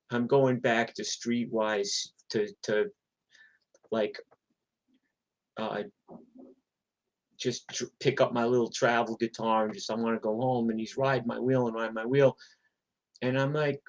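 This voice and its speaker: A man spins stories on a live stream, swearing freely and hitting each beat with punch. His voice sits at an ordinary middle pitch and his delivery keeps swinging between loud bursts and quick asides. It feels loose and conversational. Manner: animated, profane, punchy. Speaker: musician telling stories. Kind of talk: live storytelling, casual.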